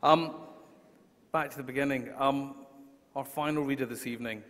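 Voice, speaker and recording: A man's voice: medium pitch, steady tone, moderate pace, fairly bright tone. A man hosting a live event on stage, loose and jokey, with lots of ums between his lines. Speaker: event host. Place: large concert hall on stage. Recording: long reverb of a large hall.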